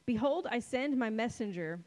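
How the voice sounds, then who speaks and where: A woman's voice: a little high, lively intonation, darkish tone, rough recording. Woman preacher, casual sermon delivery, playful, lingers on key words. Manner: conversational and playful, dramatic pauses on key words.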